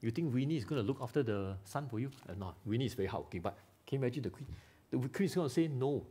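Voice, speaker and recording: A man preaching a lively sermon in Singaporean English, firing rhetorical questions and teasing members of the congregation by name. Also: mid-range voice, very fast, breathy edge. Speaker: pastor. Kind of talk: live sermon. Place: church hall.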